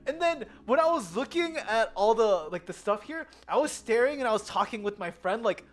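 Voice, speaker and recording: An American woman telling a story in a casual vlog, animated and giggly. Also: a little high, normal speed. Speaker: vlogger. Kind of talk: casual chatty vlog with slides.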